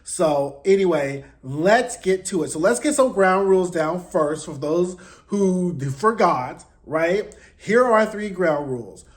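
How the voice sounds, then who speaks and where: A man's voice: sits high, expressive, a little slow. A man hosting his own channel, recapping an episode in a casual, sassy, blunt and slangy way into a close mic. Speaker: host.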